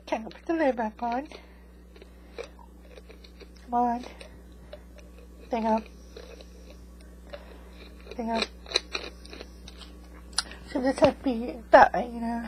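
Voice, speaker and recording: A woman's voice: a little high, moderate pace, pauses often, background noise. A woman vlogging in casual chat to her viewers, rambling and tagging most remarks with 'okay?'. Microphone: USB microphone.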